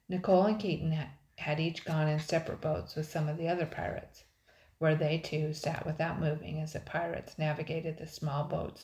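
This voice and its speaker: An older woman, a grandmother, reading a children's adventure book aloud in a measured, expressive way. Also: low voice. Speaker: storybook reader. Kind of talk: children's audiobook narration. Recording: roomy echo.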